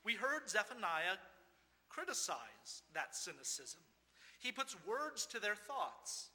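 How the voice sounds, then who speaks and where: Bright-voiced pastor preaching in a reverberant church. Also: male voice, high-pitched, very animated, a little slow. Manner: earnest, rhetorical questions and repetition. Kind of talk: sermon. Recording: long reverb of a church hall.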